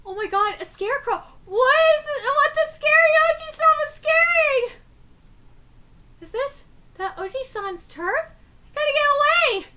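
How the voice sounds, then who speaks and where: Lady doing a scared girl, high and squeaky, panicky questions, bright sharp tone. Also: animated, measured pace, heavily acted. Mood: terrified. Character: frightened young girl chased by a ghost.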